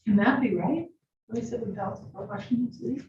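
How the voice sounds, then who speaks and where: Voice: mid-range voice, a little fast, a little mellow, dull audio, a little hiss or hum. A commissioner in a working meeting who keeps questioning and double-checking figures, recorded from a distance in a roomy room. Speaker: redistricting commissioner.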